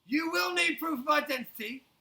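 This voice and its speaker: Storybook casting: man playing a loud, stern tower guard, high and booming, very bright tone. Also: moderate pace, vocal fry, full character voice.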